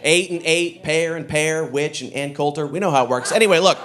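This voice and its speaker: A man performing a stand-up comedy set with a punchy, animated delivery, often slipping into character voices. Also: a little high, brisk, a crowd in the background, background noise. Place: comedy stage before a laughing audience.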